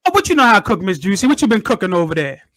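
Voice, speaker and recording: Male interview host, high voice, dry sound, eager and chatty, stumbles into questions. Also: sing-song, very fast, fairly bright tone, no room sound. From Maryland. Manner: enthusiastic, repeats words when starting questions. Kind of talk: casual interview chat.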